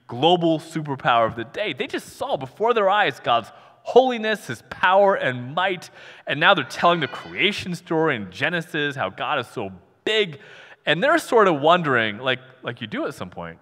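A man preaching a sermon as pastor, animated, acting out imagined voices and laughing now and then. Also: a little high, normal speed. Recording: long hall reverb.

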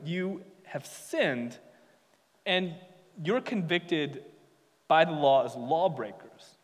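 A man's voice: fairly high pitch, in a large hall. A male pastor preaching a sermon in a conversational way, with sarcastic asides and chuckles.

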